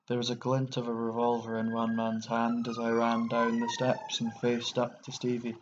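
A man with an Irish accent narrating a short story in a steady, even way. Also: medium pitch, normal speed, few pauses. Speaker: audiobook narrator. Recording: dull lo-fi recording with faint hiss.

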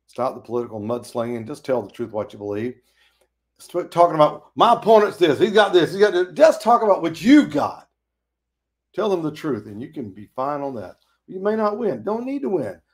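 A man's voice: medium pitch, very animated, moderate pace. A man teaching a Bible study in a folksy, preachy way, acting out quoted dialogue.

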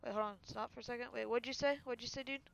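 A man streaming a survival game and chatting casually over voice chat, quick and excitable, jumping between thoughts. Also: very high-pitched, vocal fry, dull audio.

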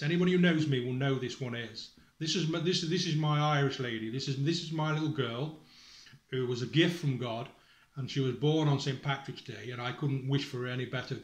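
A man's voice: medium pitch, fairly quick. Distressed, angry father in an echoey room. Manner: angry, accusing, swears, restarts sentences. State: distressed and emotional. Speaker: father addressing his family online. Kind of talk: emotional direct-to-camera appeal, reading from a school report.

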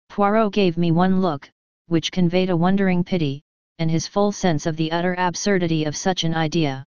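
A woman reads a novel aloud in a steady, even manner. Her voice is low and very clear, recorded close and dry. The sound is a bit dull and lo-fi. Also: moderate pace, no room sound. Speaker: audiobook narrator. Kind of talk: scripted narration.

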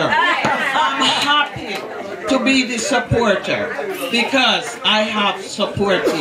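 An elderly Jamaican woman in her eighties speaks slowly and warmly at a party, chuckling between phrases. She is picked up from a distance in a big echoing hall, with a crowd murmuring around her. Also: on the high side. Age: 80s. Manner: laughs through her words, affectionate. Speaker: birthday celebrant giving a speech. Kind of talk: heartfelt party speech. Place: large echoey banquet hall. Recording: echoey hall, far mic, crowd noise.

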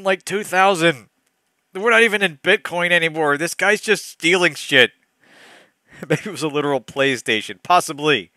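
Man, bright sharp voice, sarcastic, exasperated, comedic read-along, dry close sound. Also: on the high side, normal speed, dry recording. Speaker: host.

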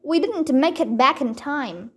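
A woman's voice: high-pitched, a little slow. A woman voicing a nervous, hesitant young boy in a storybook, stammering.

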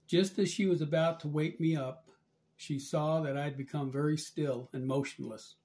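A man reading aloud a written account of a dream and vision in a measured, subdued way. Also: on the high side, fairly even intonation, darkish tone. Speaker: religious channel narrator.

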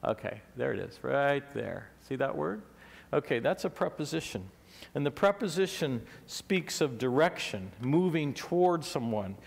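Male preacher, gravelly, explanatory teaching sermon, echoey sanctuary. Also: mid-range voice, big pitch swings, moderate pace. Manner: explanatory, asks the congregation questions. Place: church sanctuary.

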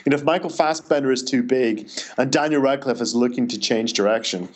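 A man with a Northern Irish accent, an author answering interview questions in a chatty, anecdotal way. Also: mid-range voice. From Northern Ireland. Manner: chatty, anecdotal, quick restarts.

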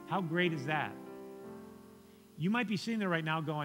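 A man's voice: fairly high pitch, moderate pace, pauses often, over music. A young man preaching a sermon as a guest preacher in a conversational, earnest way that challenges his listeners. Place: church sanctuary. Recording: church hall reverb.

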